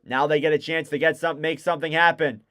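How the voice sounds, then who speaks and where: A man calling live hockey play-by-play on his stream, quick and excitable. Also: a little high. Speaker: livestream commentator.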